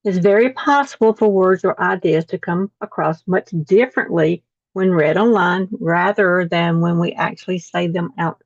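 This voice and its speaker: A woman's voice: medium pitch, dry recording. Lady teacher on a video call, reading text out and redoing words she trips on, dull dry sound. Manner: reads text aloud, repeating words after slips. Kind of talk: online class lesson.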